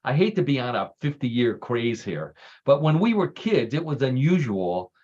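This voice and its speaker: A man's voice: medium pitch, big pitch swings, moderate pace, a little mellow, dull audio. A man hosting a casual radio talk show, telling stories with groan-worthy puns.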